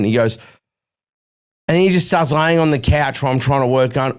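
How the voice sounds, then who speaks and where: A middle-aged Australian man co-hosting a podcast spins a long story in casual chat, acting out the quotes with animated energy. His mid-range voice is clean in tone and moves at a quick pace.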